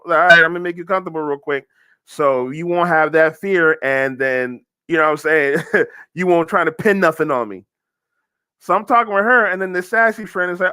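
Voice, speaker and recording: A man's voice: fairly high pitch, fairly quick, bright, forceful tone, smooth, no room sound, clean studio sound. A young man hosting a casual commentary, telling a rambling story with frequent restarts. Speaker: host.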